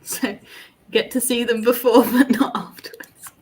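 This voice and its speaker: A woman's voice: on the high side, steady tone, a little slow, a little hiss or hum. A British woman playing a riddle game as a guest, thinking aloud and laughing at her guesses. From Britain. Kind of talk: casual chat.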